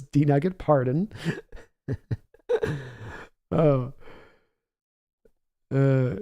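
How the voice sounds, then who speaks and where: A man's voice: on the high side, dark tone. Opinionated man streaming game commentary. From United States. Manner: reads viewer chat aloud and answers conversationally; opinionated, analytical, rambling. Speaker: livestream host. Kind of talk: live game reaction commentary.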